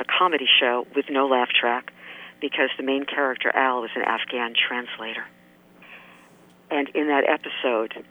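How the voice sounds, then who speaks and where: Musing man on a tinny phone line. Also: medium pitch. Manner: musing, asks many rhetorical questions. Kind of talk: reflective talk radio monologue.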